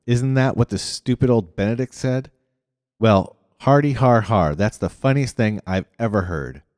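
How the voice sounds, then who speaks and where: A man's voice: mid-range voice, very animated, moderate pace, a little mellow, no room sound, studio quality, big-room sound, voice pushed up, close to an everyday voice. A man voicing a cranky, sulking little girl who snaps and sneers in a storybook reading. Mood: sneering. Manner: snappish, sneering.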